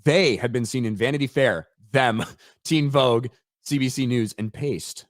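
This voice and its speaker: Wry American male co-host, mid-pitched, dry close sound. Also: moderate pace, no echo. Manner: matter-of-fact, reads out text, wry. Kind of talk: casual commentary chat.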